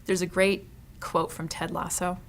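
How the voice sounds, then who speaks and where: An earnest woman talks as an interview guest about her store, often checking in with "you know?" and "right?". Her voice sits low, with a gravelly edge of vocal fry running through it. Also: level tone, a little slow, a little hiss or hum. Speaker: consignment store owner, guest. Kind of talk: heartfelt interview talk.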